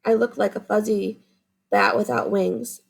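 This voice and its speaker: A woman's voice: medium pitch, steady tone, unhurried, gravelly, breathy edge, heavily acted. A woman voicing a touchy, big-eared male fox in a storybook read-aloud. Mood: wounded.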